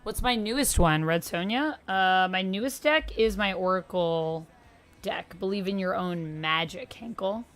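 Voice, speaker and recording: A woman's voice: mid-range voice, a little slow, a bit bright. A woman hosting a casual tarot livestream, chatting and greeting viewers as she lays out her decks. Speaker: livestream host reading tarot.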